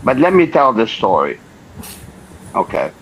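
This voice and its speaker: In a creaky, mid-range voice at a measured pace, an older Lebanese interview guest tells a lively story, voicing each person in it. The dull lo-fi recording carries a little hiss or hum.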